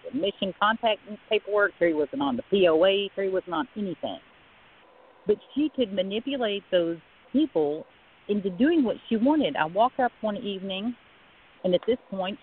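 A woman, a guest telling her own story in a radio interview and quoting the people involved. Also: on the low side. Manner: conversational, quoting others in a retold story. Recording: phone line, husky.

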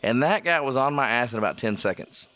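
A man's voice: mid-range voice, lively intonation, fast, bright, forceful tone, clean tone, no echo. A man telling a story in casual podcast chat, laughing, swearing and acting out the cops' lines. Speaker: podcast host. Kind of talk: casual storytelling among friends.

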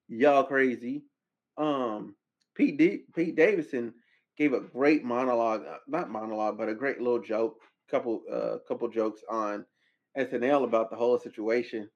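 Male podcast host, slangy and incredulous, mid-pitch voice, slightly dull lo-fi audio. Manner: animated, incredulous outbursts, slangy. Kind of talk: casual commentary.

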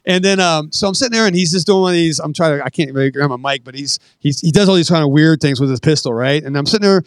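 A middle-aged man, a guest on a podcast, tells casual stories in a fairly high voice at a quick pace. He swears freely and acts out quoted dialogue with lively energy. The recording sounds dry and close.

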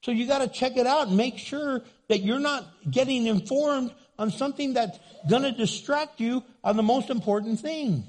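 A man's voice: very high voice, normal speed, hardly any pauses. An older man preaching a humorous sermon, often acting out voices. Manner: animated, humorous, acts out voices in quotes. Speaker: pastor.

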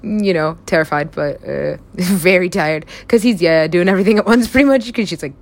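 Describing her own writing, a young woman rambles in a relaxed, laugh-filled way and swears without restraint. She has a lowish voice and talks at normal speed.

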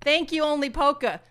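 A woman putting on a blustering male poker show host who circles back on every sentence and keeps plugging his sponsor. The voice sits high and sounds bright and pointed, a comedic impression of a self-important showman. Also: gravelly, exaggerated voice. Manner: rambling, repetitive, mock sponsor plugs.

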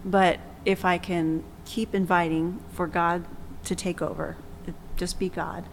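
A woman hosting a faith discussion, speaking calmly and reflectively and reading from scripture. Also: fairly low pitch, unhurried, slight background noise, low-quality recording. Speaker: podcast host.

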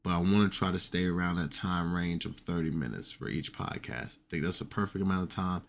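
A man's voice: low voice, a little fast, creaky. A man hosting his own podcast, talking loosely and rambling, with lots of "you know". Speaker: podcast host. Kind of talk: casual solo podcast talk.

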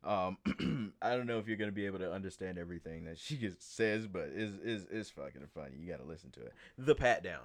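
Laid-back man, slightly low voice. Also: expressive, fast, hardly any pauses. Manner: laid-back, laughs often, swears freely. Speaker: podcast host. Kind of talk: casual chat.

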